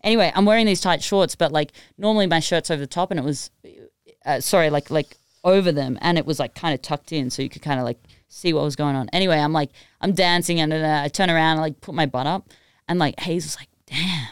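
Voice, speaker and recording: A woman's voice: low voice, quick pace, clean tone, no room sound, clean studio sound. A woman with an Australian accent chatting casually on a podcast, giggly and full of fillers. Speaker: music producer, podcast guest.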